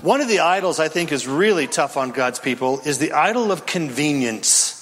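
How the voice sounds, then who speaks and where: A man preaching a dramatic, impassioned sermon, shouting at peaks, in a reverberant hall. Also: on the high side, lively intonation, normal speed, a little hiss or hum. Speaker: pastor.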